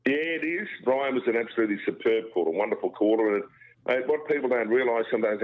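Fast-talking Australian man on a phone line. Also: mid-range voice. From Brisbane, Australia. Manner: jokey, animated, self-deprecating. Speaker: guest broadcaster. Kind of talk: casual radio chat, storytelling.

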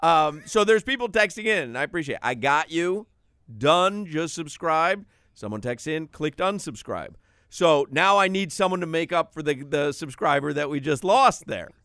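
A man's voice: on the high side, animated, moderate pace, fairly bright tone, dry recording. A male sports radio co-host in casual studio banter, chatty and laughing often as he plugs the show. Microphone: studio microphone.

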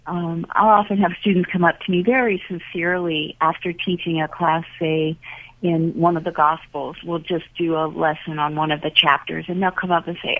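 A woman who teaches ministry classes, talking in a gentle, earnest way with many pauses and fillers. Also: lowish voice, little pitch movement, dry recording. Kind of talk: reflective talk. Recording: phone-line audio, dry.

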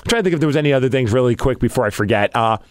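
A man hosting a podcast, telling a story in a casual, animated way and acting out his own reactions. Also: medium pitch, very fast, dry recording, clean studio sound. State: losing his voice. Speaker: podcast host.

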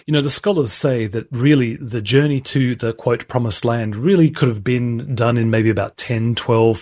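A man's voice: medium pitch, darkish tone. A man who is a writer and broadcaster, a guest on a radio show, telling stories in a humorous, easygoing way. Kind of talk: conversational radio interview.

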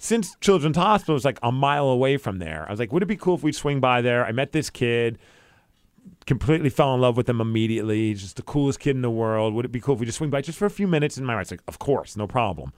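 In a radio studio, a male radio and podcast host tells a personal story earnestly and emotionally, voicing other people's quotes himself. His mid-range voice is lively and fast, with no echo.

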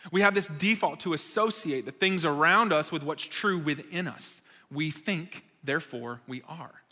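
The sound is reverberant in this church meeting hall, where a man with a sharp, higher voice delivers a sermon to young adults at normal speed. He tells stories emphatically in a conversational style, often poking fun at himself.

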